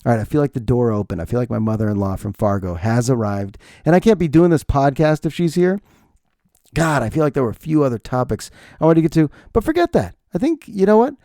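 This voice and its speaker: Male podcast host, forties, gravelly and mellow, rambling casual monologue, dry close sound. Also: medium pitch, fast, no echo. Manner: rambling, chatty and self-deprecating.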